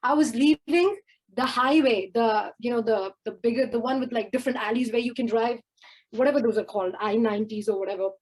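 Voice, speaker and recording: A woman's voice: a little high, fairly quick, darkish tone, poor audio. A woman from India doing a brash, profane, rambling stand-up rant at an open mic.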